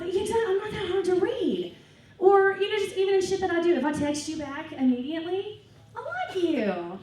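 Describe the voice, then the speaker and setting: A woman's voice: very high-pitched, noisy background. A woman doing a brash, profane stand-up comedy set on a club stage. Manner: brash, profane, animated storytelling. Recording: echoey club from a distance with crowd. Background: audience laughing.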